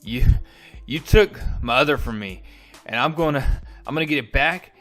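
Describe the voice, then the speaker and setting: Brief: a grim, determined antihero, low and forceful, as a man plays him. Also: moderate pace, close to an everyday voice. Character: troubled grim adult man, hero host. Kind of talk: comic recap voice acting.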